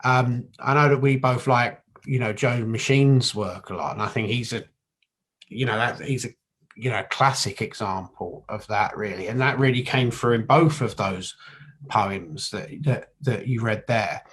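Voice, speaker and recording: A man's voice: mid-range voice, measured pace, a bit bright. A man hosting a casual conversation, talking hesitantly with many restarts and fillers. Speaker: podcast host.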